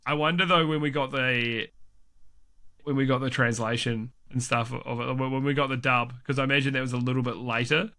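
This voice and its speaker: A man's voice: mid-range voice, steady tone, brisk, bright, forceful tone. A man chatting casually as a podcast co-host, swearing freely, laughing often and restarting his sentences. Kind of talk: casual chat.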